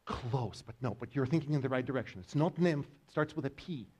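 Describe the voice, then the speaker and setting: A man's voice: medium pitch, animated, fairly quick, darkish tone, husky. A man giving a university biology lecture, joking with his students as he explains. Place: lecture hall.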